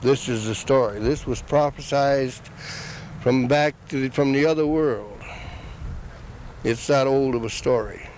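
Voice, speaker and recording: An older man telling a traditional story in an unhurried, plain-spoken way, repeating "he said" between the quoted lines. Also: mid-range voice, darkish tone, a little hiss or hum, poor audio.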